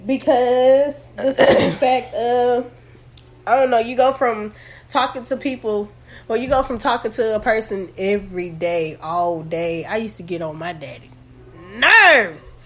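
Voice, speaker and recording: A woman's voice: fairly high pitch, unhurried. A woman hosting a casual podcast who rambles and corrects herself, joking while holding back tears. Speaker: podcast host.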